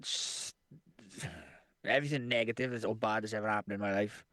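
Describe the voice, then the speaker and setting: A young man, a podcast co-host, talking in a halting, sweary way with many restarts in casual chat. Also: fairly low pitch, fairly even intonation, a bit bright, dry recording, clean studio sound.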